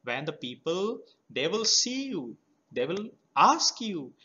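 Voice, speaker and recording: A man teaching a children's poem, explaining words slowly and spelling them out letter by letter. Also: sits high, very animated, bright, forceful tone. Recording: slightly dull lo-fi recording.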